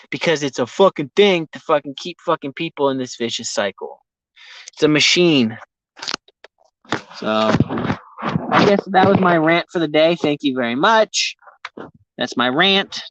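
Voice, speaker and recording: A man's voice: a little high, expressive, unhurried, fairly bright tone, dry recording, highs cut off. A man vlogging casually from inside his vehicle, rambling and ranting with constant profanity. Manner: profane, heavy swearing, ranting.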